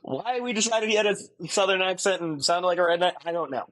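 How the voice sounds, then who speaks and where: A man co-hosting a casual sports podcast, animated and quick to laugh. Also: high-pitched. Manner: animated, laughs often, does joking voices. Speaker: podcast co-host.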